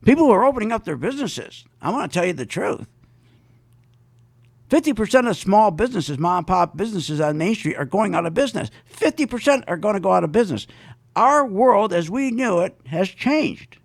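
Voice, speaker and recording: A man's voice: high voice, gravelly. A man hosting a talk radio show, delivering an emphatic monologue and acting out the people he quotes.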